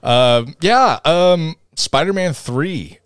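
A man's voice: on the high side, expressive, very slow, smooth, no echo. A man hosting a casual podcast chat, upbeat and teasing, laughing often. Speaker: podcast host.

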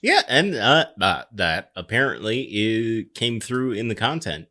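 A man co-hosting a casual podcast chat, joking and crude, with quick asides. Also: lowish voice, very animated, sharp tone. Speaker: podcast co-host.

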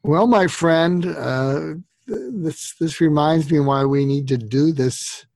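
A man's voice: fairly high pitch, slow pace, a little mellow, no echo. A man co-hosting a podcast, retelling a film scene in a playful storytelling way. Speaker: podcast co-host. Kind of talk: casual chat.

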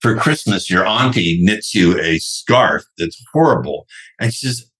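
Husky, blunt low-voiced man. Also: lively intonation, unhurried, fairly bright tone. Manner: blunt, brash, swears freely. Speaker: sales trainer guest. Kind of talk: podcast interview.

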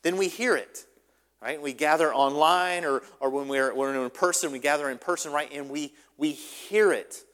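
A male pastor preaching a sermon, lively and repetitive, often checking in with "right?". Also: on the high side, moderate pace, in a large hall.

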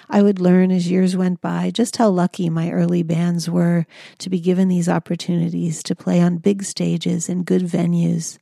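A woman reading her own memoir aloud in a calm, measured storytelling manner. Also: on the low side, vocal fry, no room sound, studio quality. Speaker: memoir narrator. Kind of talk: audiobook memoir narration.

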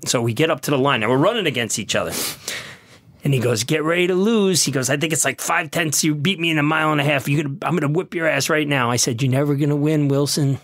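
A man, a police officer guest on a studio podcast, telling profane, laughing anecdotes in a casual, animated way. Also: on the high side, fast.

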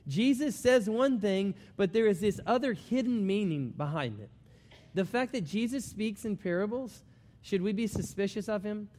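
A man preaching a sermon, telling a personal story in an animated storytelling manner. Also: high-pitched, moderate pace, long reverb tail. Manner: storytelling, animated when excited.

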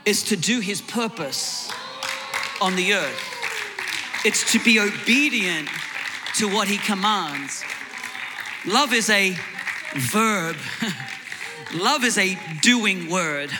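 A man's voice: sits high, animated, takes it slowly, long pauses, crowd noise, background noise. A man preaching a sermon with emphatic delivery. He often repeats words as he builds a point and makes jokey asides.

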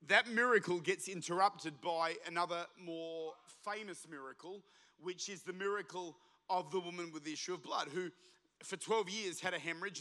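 A man preaching a passionate sermon in church, building up to shouts and acting out the voices of the story. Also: sits high. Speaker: pastor.

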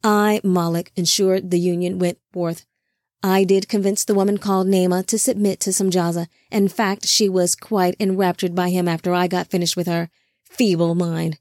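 A woman's voice: lowish voice, level tone, moderate pace, darkish tone, no room sound, studio quality, close to an everyday voice. A woman reading the part of a sly, boastful male fallen angel.

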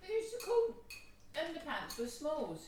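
A woman's voice: high voice, wildly swooping pitch, unhurried, a little mellow, a little hiss or hum. A middle-aged woman, a parent in a casual family chat, easily amused and laughing along. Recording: roomy, distant mic, faint clatter.

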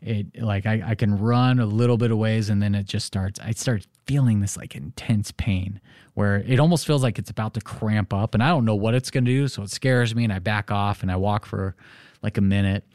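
A man with a fairly low voice hosts a real estate podcast, delivering a casual solo monologue. He tells stories in an animated way, sprinkling in plenty of "you know" fillers. The recording is dry and studio quality.

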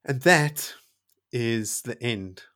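A man in casual podcast chat, eagerly retelling a fantasy story with excited asides. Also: mid-range voice, drawn-out words. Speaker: podcast co-host. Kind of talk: casual book discussion.

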